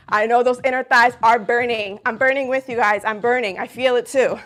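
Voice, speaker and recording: A woman's voice: fairly high pitch, fairly even intonation, moderate pace, a bit bright. Breathless upbeat woman coaching a workout. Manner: upbeat, encouraging, counts reps and whoops. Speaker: fitness instructor. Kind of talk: live workout instruction.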